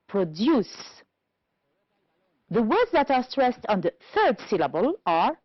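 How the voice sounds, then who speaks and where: Woman teacher on tv, reads out words slow and careful, animated voice, dry studio. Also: mid-range voice, no room sound, dull audio. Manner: slow, careful word-by-word pronunciation drills. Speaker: English teacher. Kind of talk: televised English lesson.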